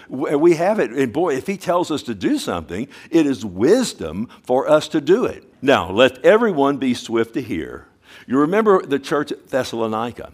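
A man's voice: mid-range voice, sing-song. Conversational man preaching a sermon. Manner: conversational preaching with rhetorical questions to the congregation; slows down to stress scripture phrases. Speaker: pastor.

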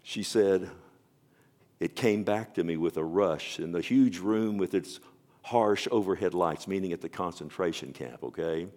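A man preaching a sermon, telling a story dramatically and swinging between loud passages and hushed ones, often asking his listeners directly if they follow him. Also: low voice, a little slow. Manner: addresses listeners directly with questions.

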